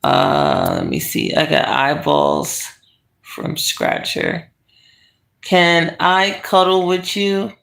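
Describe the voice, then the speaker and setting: A slow, drawn-out talker with a gravelly, fry-laden voice, hosting a livestream from bed. The chat rambles along loosely and is broken up by frequent laughs. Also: mid-range voice, big pitch swings, fairly bright tone, slight background noise. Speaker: livestream host reading viewer chat. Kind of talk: casual live chat. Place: bedroom, lying in bed.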